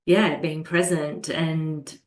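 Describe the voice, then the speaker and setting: Calm earnest woman in a roomy space. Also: deep voice. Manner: calm, earnest, slows down when acting out soothing a child. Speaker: guest, children's holistic health practitioner. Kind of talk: conversational interview. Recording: roomy echo.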